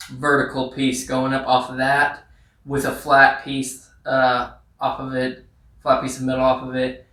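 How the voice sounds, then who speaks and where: A man's voice: mid-range voice, fairly bright tone, reverberant, distant mic. A man casually talking through a truck repair, rambling with lots of fillers and restarts. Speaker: YouTuber restoring a truck. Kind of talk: casual workshop how-to vlog.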